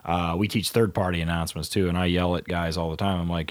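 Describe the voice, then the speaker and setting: A man's voice: low-pitched, quick pace, few pauses, dry recording. A man hosting a podcast and training police dog handlers, talking bluntly and laughing often as he makes his points. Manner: laughing, blunt and animated when making a point. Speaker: podcast host and canine trainer. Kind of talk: casual podcast chat.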